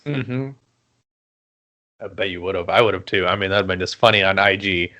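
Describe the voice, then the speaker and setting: A man's voice: moderate pace, pushed and bright, dull audio. A man hosting a casual podcast, mostly murmuring short agreements and chiming in with jokes. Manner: brief murmured agreements, low-key. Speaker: podcast host.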